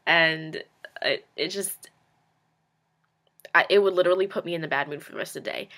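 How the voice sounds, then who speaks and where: Speaking at a moderate pace, this teenage vlogger has a lowish, slightly bright voice as she delivers a loose confessional monologue to camera. Her self-deprecating ramble is full of "like," with blunt, sarcastic remarks tossed in.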